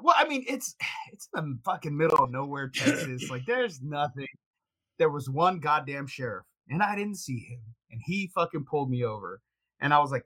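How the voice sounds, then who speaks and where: Bright-voiced man telling a story. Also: on the high side, expressive, fairly quick, rough recording. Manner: storytelling, swears freely. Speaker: podcast co-host. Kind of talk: casual podcast chat.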